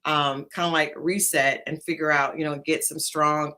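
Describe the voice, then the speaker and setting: Bright-voiced woman co-hosting a talk show. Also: low voice, fairly even intonation, moderate pace. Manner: thoughtful, many fillers and restarts. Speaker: podcast co-host. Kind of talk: casual political discussion.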